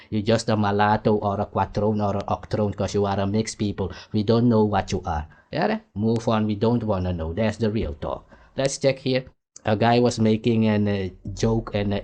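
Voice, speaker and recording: A man's voice: lowish voice, mellow. A man from Suriname, hosting a heated, mocking commentary rant over clips and repeating catchphrases. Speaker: commentary channel host.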